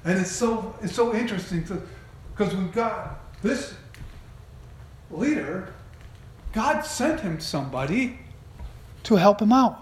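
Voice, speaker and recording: A man preaching a sermon, retelling a story in an animated way and putting questions to his listeners. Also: high voice, unhurried, pauses often, a little hiss or hum. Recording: very echoey room.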